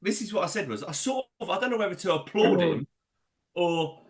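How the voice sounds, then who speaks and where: A man co-hosting a podcast, telling animated, sweary stories in casual chat. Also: high-pitched, brisk, vocal fry. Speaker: podcast co-host and amateur footballer.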